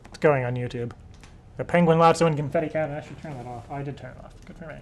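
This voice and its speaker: Young male streamer, slightly higher voice, casual rambling chat full of swearing. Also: racing. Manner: rambling, laughing and swearing freely. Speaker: live show host.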